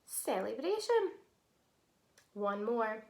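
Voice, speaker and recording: A woman teaching a phonics lesson to young children, sounding out words syllable by syllable and praising them warmly. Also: fairly high pitch, animated, slow pace.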